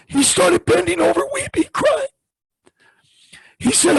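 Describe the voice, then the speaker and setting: A man preaching as he tells a testimony story, acting out each person in it with big swings of pitch. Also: very animated, unhurried, creaky, no room sound, rough recording. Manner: dramatic retelling, acts out the voices in the story with big pitch swings. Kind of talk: sermon storytelling.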